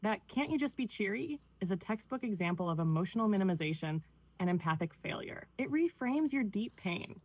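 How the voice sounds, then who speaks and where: A synthetic woman's voice giving a measured, clinical analysis in the manner of a therapist. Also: mid-range voice, dry recording, low-quality recording. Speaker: AI therapist-style responder. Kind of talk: clinical analysis read aloud.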